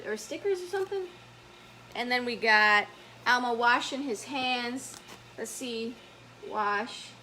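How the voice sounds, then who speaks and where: A woman story time educator reads a picture book aloud to young children, chatty and gentle. Her voice is high and bright, and she takes her time, stopping to point things out on each page. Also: slight background noise.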